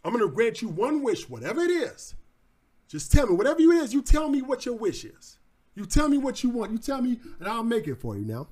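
A man's voice: very high voice, big pitch swings, fairly quick, a little mellow, heavily acted. A man voicing a laid-back male god who grants a wish, talking casually and slangily. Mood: easygoing.

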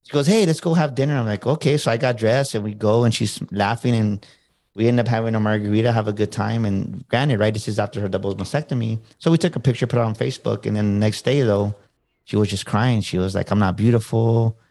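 Lively storytelling man, lowish voice. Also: fast talker. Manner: animated, acts out quoted dialogue. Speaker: guest, motivational speaker. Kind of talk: casual interview storytelling.

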